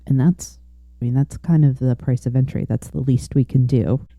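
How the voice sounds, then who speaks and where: A woman hosting an interview, speaking in a thoughtful, affirming, measured way. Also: extremely low pitch, fairly even intonation, warm tone, dry recording. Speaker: podcast host. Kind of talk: conversational interview.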